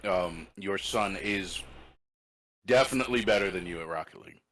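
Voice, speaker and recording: A man chatting casually as a podcast co-host, joking and swearing through lively stories. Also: deep voice, normal speed, poor audio. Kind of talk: casual chat.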